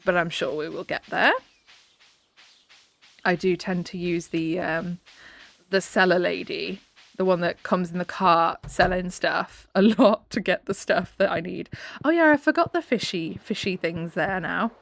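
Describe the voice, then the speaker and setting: A woman's voice: fairly low pitch, a little slow, creaky, fairly bright tone. A young British woman chatting casually and giggling as she plays a farming video game. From Britain. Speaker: gaming channel host. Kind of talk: casual gameplay chat.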